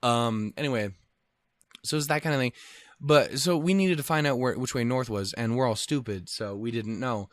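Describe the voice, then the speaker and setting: Rambling, swearing podcast host. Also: male voice, medium pitch, brisk, no room sound. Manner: rambling, profane, self-deprecating. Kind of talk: casual solo storytelling. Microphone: podcast microphone.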